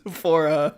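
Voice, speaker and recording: A man's voice: on the high side, a little mellow. A tired young man chatting casually on a live stream, rambling with many fillers, restarts and laughs. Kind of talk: casual chat.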